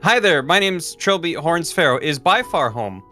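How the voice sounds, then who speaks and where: A man playing a tabletop game, speaking lively and often in character. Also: a little high, moderate pace, faint music behind. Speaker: player.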